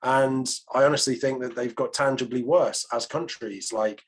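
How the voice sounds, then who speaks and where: A man's voice: mid-range voice, steady tone, normal speed, breathy edge. A British man co-hosting a casual Bible podcast, speaking in an earnest, reflective way with frequent fillers. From Britain. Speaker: podcast co-host. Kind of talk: casual chat about the Bible.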